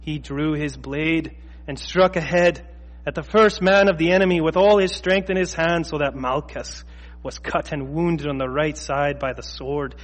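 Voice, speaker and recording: A slow, declaiming narrator of an old epic with a put-on Scottish accent, as a preacher reads it aloud. The voice rings out with a long reverb through a big hall, and every phrase is drawn out for drama. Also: male voice, fairly high pitch, steady tone, close to an everyday voice. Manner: slow, declaiming, theatrical reading.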